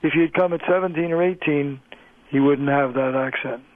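An older man, a linguist, explaining things in a measured lecturing way during a phone-in radio interview. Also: a little high, no echo. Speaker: linguist guest. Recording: tinny phone line.

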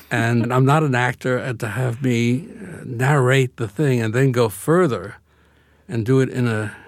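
An older Brooklyn man, an author, is being interviewed in a conversational way, his medium-pitched voice recorded with clean studio sound and no room sound. He's wry and reflective and laughs easily.

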